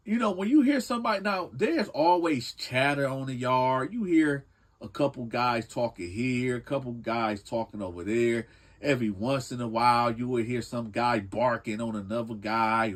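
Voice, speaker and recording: A man telling a prison story casually, chatting and speaking directly to his listeners. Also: medium pitch.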